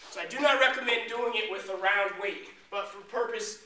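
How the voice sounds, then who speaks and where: A man's voice: high voice, brisk. Guy fitness trainer demoing moves, pumped and jokey, mic kinda far off, faint hiss. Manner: energetic, joking coach talk while exercising. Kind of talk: workout demonstration. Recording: echoey room, distant mic, faint noise.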